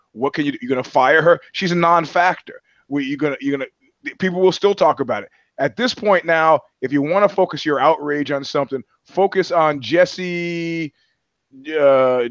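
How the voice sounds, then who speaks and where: A man riffs through a casual comedy podcast in a slightly higher-than-usual voice, rambling and swearing, tripping over restarts as he goes. The sound is dry and close, but dull and lo-fi. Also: fairly bright tone, dry recording. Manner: rambling, profane, full of restarts and put-on voices. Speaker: podcast co-host.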